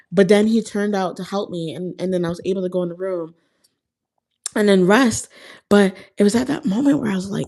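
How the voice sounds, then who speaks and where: A woman's voice: lowish voice, warm tone. A young woman vlogger talking casually and earnestly to her viewers about faith, with lots of "like" fillers. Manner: chatty and heartfelt, frequent "like" fillers. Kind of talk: casual faith talk to camera.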